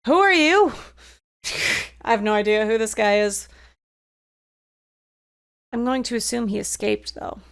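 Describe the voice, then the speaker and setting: A woman's voice: medium pitch, little pitch movement, measured pace, gravelly, long pauses, clear, resonant tone. A woman streaming a video game, casually musing aloud to herself and laughing at her own guesses. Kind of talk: casual gameplay commentary.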